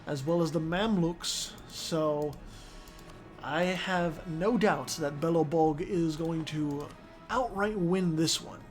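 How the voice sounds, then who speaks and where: A strategy game commentator talking casually over a match, excitable, swearing often and restarting sentences. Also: mid-range voice.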